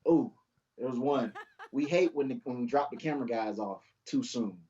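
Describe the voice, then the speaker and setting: A young police officer appears as a guest in a casual interview, sharing stories from the job in an easygoing, laid-back manner. His mid-range voice has a warm tone and moderate pace, though the audio sounds dull.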